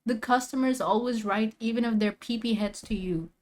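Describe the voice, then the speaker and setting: A young woman streamer in a casual reaction rant, full of slang and filler words, swinging from low mutters to near-shouting. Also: brisk.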